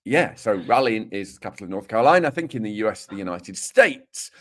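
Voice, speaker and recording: A man with a Black Country Dudley accent, co-hosting a casual podcast. His pitch swings widely as he reads listener letters aloud, and he slips into jokey, mock-serious asides. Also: sing-song, fast talker. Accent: Dudley, Black Country English. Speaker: podcast co-host.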